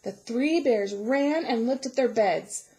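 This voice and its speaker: A woman teacher reading a fairy tale aloud to children, slow and animated, asking them questions along the way. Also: fairly high pitch.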